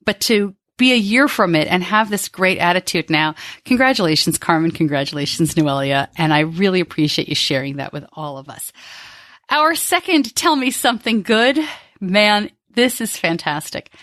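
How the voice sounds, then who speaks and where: A woman's voice: on the low side, expressive, normal speed, fairly bright tone, dry recording. Woman, middle-aged, podcast host, heartfelt and emotional, close dry mic. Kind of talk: conversational podcast talk.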